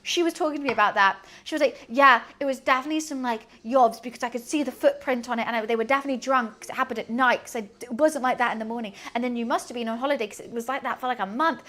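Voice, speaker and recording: A young woman streaming and chatting casually, telling a story with quick asides and frequent laughs. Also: on the high side, pushed and bright. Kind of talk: casual chat to a stream audience.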